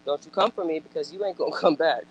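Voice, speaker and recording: A woman's voice: deep voice, fast, poor audio. A woman chatting casually as a commentator. She is blunt and emphatic, swears freely and fires off rhetorical questions. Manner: blunt, emphatic, frequently profane; animated outbursts and rhetorical questions. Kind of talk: casual reaction chat.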